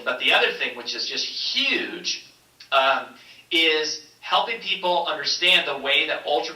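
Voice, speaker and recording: A man being interviewed as an author and speaker, telling anecdotes with an energetic, polished speaking rhythm, recorded in a roomy space away from the mic. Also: fairly high pitch. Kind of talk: interview answers with told anecdotes. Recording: roomy echo, distant mic.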